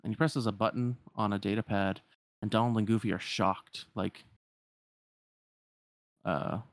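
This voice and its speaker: A man's voice: fairly low pitch, steady tone, unhurried, dry recording. A man casually retelling a story as a podcast host, with lots of filler words.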